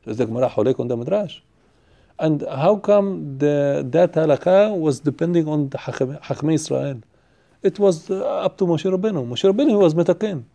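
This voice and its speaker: A man gives a Torah class at a brisk clip. His voice sits a little high and sounds dark and mellow. He rattles off Hebrew sources in a quick chant, then slows down to explain them in English, stumbling over fillers and restarts. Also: lively intonation, creaky, muffled recording. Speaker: Torah teacher.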